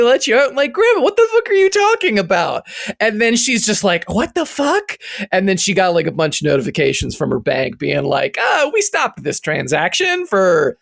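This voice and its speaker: A man co-hosting a podcast, telling a story in rambling casual chat, swearing and laughing often, with a gravelly voice. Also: high voice, huge pitch swings, normal speed, fairly bright tone. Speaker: podcast co-host.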